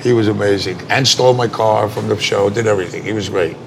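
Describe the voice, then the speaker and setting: An older actor being interviewed tells rambling, salty stories in a fast, lowish, gravelly voice, laughing as he goes. It's casual anecdotal storytelling, with background noise in the recording.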